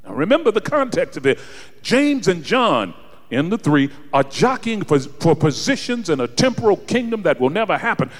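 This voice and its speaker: A male preacher delivers a sermon in a high-pitched, animated voice, speaking slowly and deliberately. He swings between hushed lows and shouted climaxes, and a long reverb makes his words ring out as though in a large hall.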